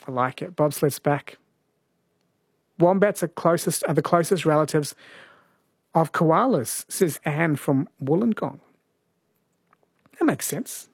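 An Australian man hosts a late-night radio talkback quiz, friendly and chatty. His voice sits a little high, and it is close and dry in the studio. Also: expressive, takes it slowly, pauses often, husky, dry recording. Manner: friendly, chatty, reads out listener messages.

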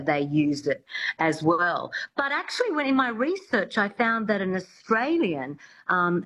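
A woman dialect coach talks through her answers in an interview with a somewhat low voice. She explains patiently but often stops and restarts while she searches for a word. A faint hiss of noise sits under the recording. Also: a bit bright, poor audio. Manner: explanatory, with many restarts and fillers.

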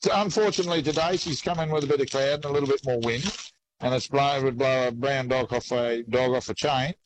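A man's voice: medium pitch, steady tone, quick pace, poor audio. Laid-back Australian fisherman, faint hum. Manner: laid-back, folksy sayings, says "mate" often. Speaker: fishing guest. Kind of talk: casual chat.

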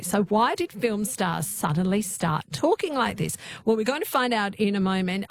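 Casting note: radio talk host, woman, medium pitch, friendly curious questioning. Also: creaky.

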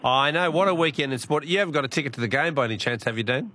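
A man's voice: a little high, very fast, sharp tone, slight background noise. A man with an Australian accent hosting a talkback radio quiz, chatty and laughing easily as he repeats the questions.

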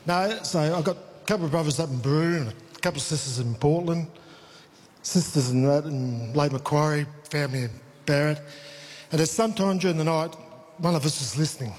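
Emotional man, slightly high voice. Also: a little mellow. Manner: emotional, halting. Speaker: listener at event. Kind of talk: casual chat.

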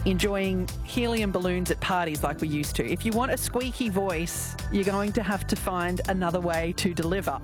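Chatty, playful woman radio host. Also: mid-range voice. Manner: chatty and playful, laughs often. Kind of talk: playful radio talk show. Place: radio studio. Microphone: studio microphone.

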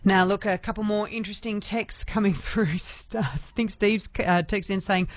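A woman's voice: medium pitch, fairly even intonation, moderate pace, no room sound. Chatty woman radio host. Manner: chatty, self-mocking, laughs easily. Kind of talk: casual talkback radio chat. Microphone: studio microphone.

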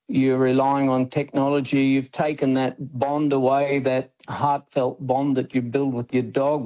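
A man's voice: medium pitch, dull audio. An older Australian man, a dog trainer, talking as a guest in a radio interview, plain-spoken with frequent restarts.

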